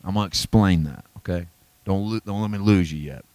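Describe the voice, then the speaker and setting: Emphatic preacher, dry sound. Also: male voice, brisk, darkish tone, no room sound. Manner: emphatic, swings from low asides to high exclamations; folksy, self-deprecating humor. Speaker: pastor. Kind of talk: sermon at a Bible study. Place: church.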